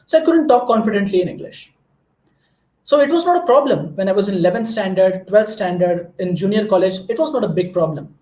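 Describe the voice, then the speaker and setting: A man's voice: sits high, expressive, fairly quick, darkish tone, echoey room. A man from Maharashtra with an Indian accent, a native Marathi speaker, giving an earnest motivational talk to students and telling small stories. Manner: earnest, storytelling, frequent restarts. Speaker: guest speaker.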